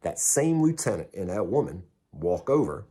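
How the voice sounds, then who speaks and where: A man's voice: low voice, very animated, normal speed, mellow, slightly rough. A man telling a story in a casual way, blunt and heavily profane, and mocking himself. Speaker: vlogger recounting prison time.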